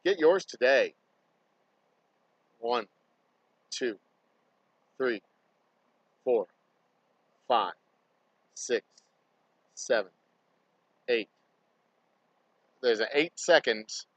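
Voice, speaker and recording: A man's voice: mid-range voice, extremely slow, long pauses, no room sound, low-quality recording. Guy rambling on a work livestream, cusses a lot, talks to himself, ordinary mid voice. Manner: rambling, swears freely, talks to himself while working. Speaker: distillery owner livestreaming. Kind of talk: casual livestream chatter. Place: indoors at a distillery workspace.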